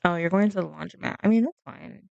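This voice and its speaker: A woman's voice: lowish voice, fast, gravelly, smooth, dry recording, highs cut off. A woman casually commenting on her life-sim game as she plays, rambling and laughing between remarks. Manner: chatty, rambling, laughing asides. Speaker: let's play streamer.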